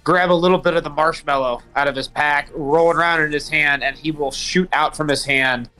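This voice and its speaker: A man's voice: a little high, fairly even intonation, fairly quick, pushed and bright, clear, resonant tone, soft background music, rough recording. A man playing a tabletop game who describes his spell hesitantly. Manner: hesitant, with ums. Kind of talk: casual game talk.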